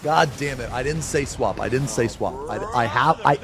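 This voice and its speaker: A man's voice: mid-range voice, moderate pace, background noise. A young man streaming a game, venting to his chat with a lot of swearing and repeating himself. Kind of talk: frustrated gameplay talk to stream chat.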